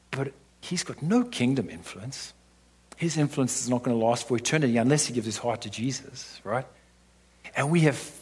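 A man's voice: mid-range voice, breathy edge. A man preaching a sermon to his church in a conversational way, often checking in with "right?".

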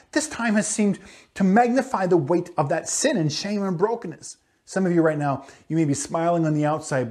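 A man preaching a sermon in church as pastor, animated and acting out quotes with playful voices. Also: high-pitched.

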